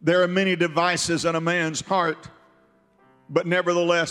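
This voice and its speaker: A male preacher delivering a fervent sermon, repeating phrases and building to shouts. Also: a little high, little pitch movement, normal speed, clear, resonant tone, big-room sound, soft background music.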